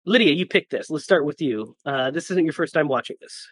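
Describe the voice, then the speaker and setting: A man's voice: on the high side, expressive, brisk, a bit bright, no echo. A man hosting a podcast in casual chat, joking and laughing often. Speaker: podcast host.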